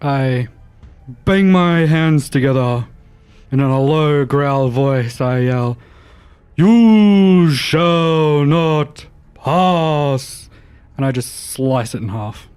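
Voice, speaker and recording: A man's voice: mid-range voice, takes it slowly, darkish tone, clear, resonant tone, no room sound, faint music behind. A man playing a tabletop game, laid-back and joking between rolls. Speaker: player.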